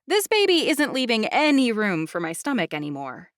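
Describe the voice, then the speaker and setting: A woman's voice: fairly high pitch, huge pitch swings, normal speed, no room sound, studio quality, pitched above the performer's own voice. A woman voicing an anxious young pregnant heroine in an audiobook.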